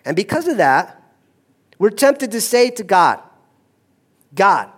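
Male pastor, fairly high voice; dynamic sermon delivery, hushed lows to loud peaks. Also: big pitch swings, slow, long pauses, breathy edge.

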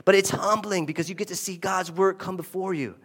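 A pastor preaching a lively, conversational sermon in a church and drawing the congregation into call-and-response. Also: male voice, high-pitched, fairly quick, breathy edge. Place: church sanctuary.

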